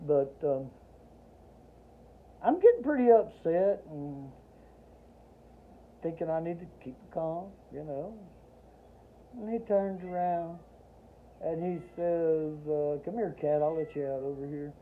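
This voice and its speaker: A man's voice: a little high, lively intonation, slow, pauses often, a little hiss or hum. A man, an Army veteran telling a personal story in a rambling way, acting out the voices he quotes with dry humor. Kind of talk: casual spoken storytelling. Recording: tinny phone-like audio.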